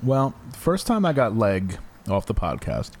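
This thirties-something podcast host talks casually in a crude, rambling style loaded with fillers, his fairly low, darkish voice swooping wildly in pitch at a moderate pace. He's in a room with a window open near a porch, and there's a little hiss or hum.

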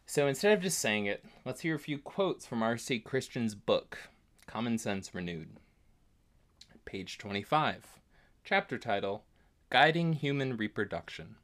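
A woman's voice: rumbling low, big pitch swings, a little slow. A woman hosting a podcast in a casual, blunt and sarcastic way, swearing freely. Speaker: podcast host. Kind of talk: casual conversational commentary.

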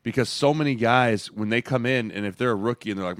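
A man's voice: on the low side, fast, hardly any pauses, no room sound. A man in his thirties, a former football player co-hosting a podcast, talking with energy in a coaching tone and acting out what others said. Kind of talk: casual podcast chat.

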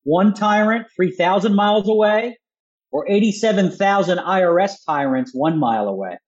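High-voiced Philadelphia man, punchy and combative. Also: lively intonation, moderate pace, highs cut off. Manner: punchy, combative rhetoric with rhetorical questions. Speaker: guest author. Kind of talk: talk radio interview.

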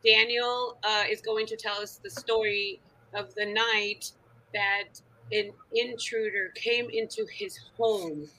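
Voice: mid-range voice, level tone, slow, pushed and bright, a little hiss or hum, rough recording. A host opening an interview in a chatty, bubbly way, drawing words out. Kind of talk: casual interview hosting.

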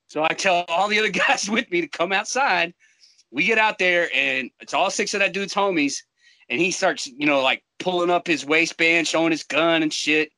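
A young American man casually telling a profane, animated war-buddy story, laughing often. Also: high voice, brisk, no room sound, rough recording.

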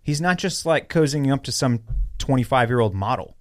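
A man co-hosting a casual podcast, talking in an animated way with frequent restarts and fillers. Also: medium pitch. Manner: animated, halting restarts, lots of "like". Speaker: podcast co-host.

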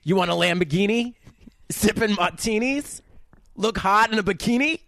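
A man doing a comic song reading as a brassy, loud diva with a thick Staten Island accent, drawn out and camp. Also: high-pitched, moderate pace, gravelly, dry recording, voice pushed up. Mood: brash.

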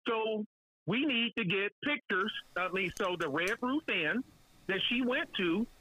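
A woman's voice: medium pitch, animated, unhurried, pushed and bright, a little hiss or hum, rough recording. A woman calling in to chat, blunt and emphatic, laughing as she makes her points. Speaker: caller. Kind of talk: casual chat.

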